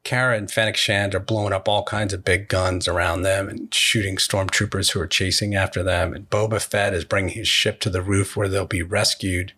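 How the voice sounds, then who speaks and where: A man's voice: deep voice, little pitch movement, normal speed, few pauses, bright, forceful tone. A man hosting a podcast, casually retelling a TV episode scene by scene and quoting the characters' lines. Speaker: podcast host.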